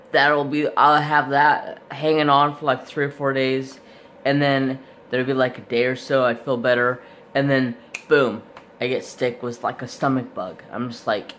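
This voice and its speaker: Male craft host, unhurried and rambling, a bit stuffy from a recent cold. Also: mid-range voice, a bit bright, a little hiss or hum. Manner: rambling, chatty, lots of fillers and self-corrections. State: slightly stuffy, recovering from illness. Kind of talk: casual unboxing vlog.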